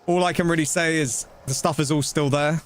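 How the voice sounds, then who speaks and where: A man chatting casually while streaming a game, rambling and breaking into quick exclamations. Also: on the high side, fairly even intonation, slight background noise. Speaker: gaming streamer. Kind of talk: casual live-stream commentary.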